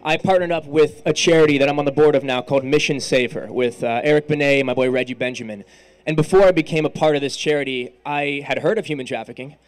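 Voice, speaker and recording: A man's voice: fairly high pitch, fast, smooth, soft background music. A man from San Diego, a singer talking casually and earnestly to a live crowd from an awards stage into a handheld mic between songs. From San Diego, California.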